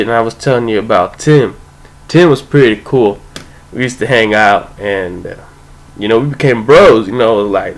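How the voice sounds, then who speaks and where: A man's voice: mid-range voice, rough recording. A young man casually telling a rambling, profane story, full of "like" and "you know".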